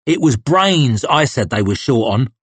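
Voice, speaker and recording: A man's voice: mid-range voice, big pitch swings, measured pace, a bit bright, breathy edge, no echo, exaggerated voice. A man voicing a surly, evil-looking one-eared Northman with a sneering delivery.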